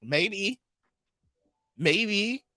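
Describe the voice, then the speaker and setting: An animated man co-hosts a casual podcast, his voice sitting a bit high and swinging widely in pitch. He is from Queens and talks in a loose, profane way, also reading news pieces aloud. The sound is dry and close to the mic. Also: very slow, no echo. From Queens, New York. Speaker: podcast co-host. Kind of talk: casual chat.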